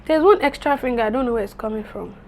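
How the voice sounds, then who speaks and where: A woman's voice: fairly high pitch, fast, a little mellow, a little hiss or hum. A young woman, chatting expressively and dramatically to camera as a beauty vlogger. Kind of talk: casual vlog talk to camera.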